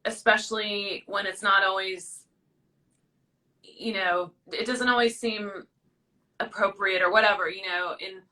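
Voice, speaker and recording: A woman's voice: medium pitch, fairly even intonation, measured pace, pushed and bright, distant mic, low-quality recording. A woman hosting a casual livestream chat, encouraging and emotional as she talks. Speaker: host.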